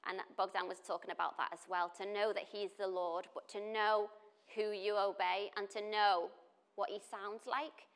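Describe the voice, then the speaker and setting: A woman preaches to her church in a relaxed, conversational way. She breaks off into asides and restarts her sentences, with her pitch in the middle range. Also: moderate pace, clean tone. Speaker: church speaker. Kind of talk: sermon.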